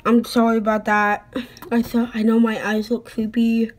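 A woman's voice: on the high side, monotone, normal speed. A woman with a slight British accent, talking casually to the camera in her bedroom, rambling and apologizing often. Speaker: vlogger. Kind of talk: casual home vlog. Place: bedroom at home. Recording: noisy home recording.

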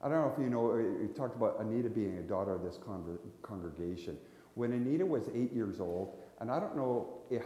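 A man's voice: medium pitch, mellow. A man preaching a sermon as a visiting missionary, telling stories in a conversational way with frequent restarts. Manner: conversational storytelling with restarts, voicing characters. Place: church sanctuary. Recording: echoey church hall.

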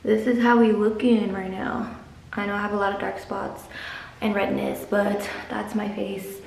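A woman's voice: mid-range voice, flat delivery, measured pace, creaky, darkish tone, distant mic, a little hiss or hum. A young woman, chatting casually through her skincare routine as a vlogger. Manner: laid-back, talks through each step. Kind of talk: casual chat. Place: hotel room. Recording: very echoey room.

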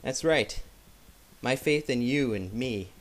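A man's voice: medium pitch, slow. A man casually commenting on his game as he plays, joking with viewers and yelping when startled. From Canada. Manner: excitable, jokey, yelps at sudden scares. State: sick. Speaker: gameplay commentator.

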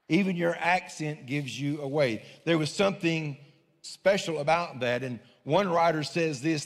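Pastor preaching in a reverberant church. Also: male voice, on the high side. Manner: folksy, conversational preaching with restarts. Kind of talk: sermon. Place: church sanctuary.

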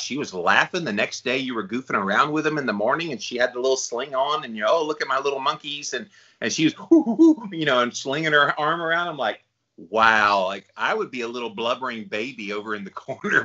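A man chats on a podcast in a conversational, upbeat way. His voice is bright and forceful. The sound is a little dull and lo-fi. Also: mid-range voice, brisk. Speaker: podcast co-host.

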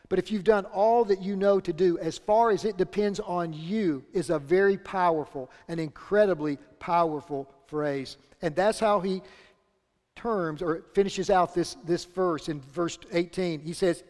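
Man, pastor, sermon, earnest, high-pitched voice, long reverb tail. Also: moderate pace, darkish tone. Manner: earnest, repeats key phrases for emphasis. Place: church sanctuary.

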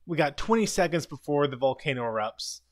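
A man hosting a casual live stream, retelling a TV episode scene by scene with quick quoted lines and frequent chuckles. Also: a little high, lively intonation. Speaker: live commentary host.

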